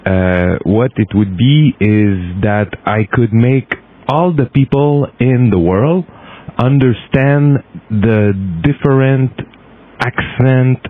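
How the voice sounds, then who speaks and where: Quebecois man on a phone line. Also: mid-range voice. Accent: Quebecois French. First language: French. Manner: halting, many fillers, proud. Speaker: caller. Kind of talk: voicemail.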